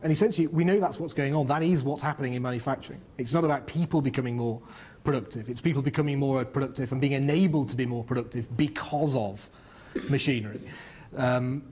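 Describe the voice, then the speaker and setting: Middle-aged guy from the north of england, mid-pitch voice, lots of ums, talking at a panel. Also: a little mellow, breathy edge. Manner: fluent, with many ums and restarts. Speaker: panel speaker on business and infrastructure. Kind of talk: explaining at a public discussion.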